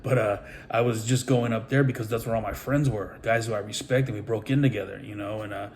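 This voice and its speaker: Rambling, profane man with a low voice. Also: fairly even intonation, fast, darkish tone, a little hiss or hum. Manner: rambling, profane, with many fillers. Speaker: pro wrestler and trainer. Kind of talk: casual storytelling monologue.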